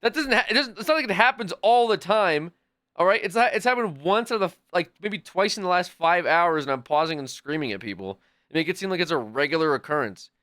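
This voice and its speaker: A man's voice: high voice, animated, fairly quick, a bit bright, no echo, clean studio sound. A man streaming a game live, talking back to his chat in an exasperated, swearing rant. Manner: frequent swearing. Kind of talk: live gaming stream commentary.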